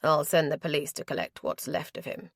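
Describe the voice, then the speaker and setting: A woman narrator voicing a protective aristocratic gentleman with a firm, persuasive manner. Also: low voice, very animated, brisk, no echo, clean studio sound, voice pushed down, heavily acted. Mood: tender.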